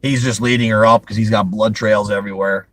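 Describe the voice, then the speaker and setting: A man's voice: lowish voice, fairly even intonation, a little fast, no room sound, rough recording. A man hosting a casual movie review chat, rambling with frequent restarts and laughing often. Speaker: host.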